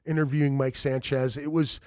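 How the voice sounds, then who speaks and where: A man's voice: medium pitch, level tone, a little fast, mellow, dry recording, studio quality. A man hosting a podcast in casual chat, talking loosely with lots of swearing and fillers. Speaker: podcast host.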